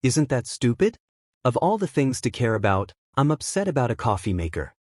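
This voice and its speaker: A man's voice: medium pitch, big pitch swings, no room sound, clean studio sound. A man voicing a heartbroken, self-blaming young husband. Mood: bewildered. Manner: halting, pleading, questioning himself.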